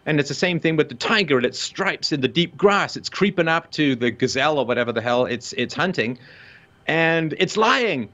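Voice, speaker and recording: Animated man arguing, muffled sound. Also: mid-range voice, moderate pace. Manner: animated, acts out short mock quotes. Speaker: guest. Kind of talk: conversational argument. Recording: dull lo-fi sound.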